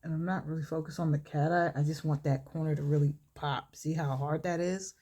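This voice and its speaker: A woman vlogger reading her own short story aloud in a relaxed way while doing her makeup, chuckling and stopping to comment on it. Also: sits low, brisk. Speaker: vlogger and author.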